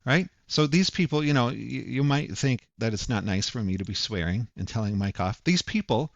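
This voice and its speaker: A man's voice: fairly low pitch, moderate pace, vocal fry, dry recording, highs cut off. A man ranting angrily in a profane, mocking monologue. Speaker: commentator. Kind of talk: angry monologue.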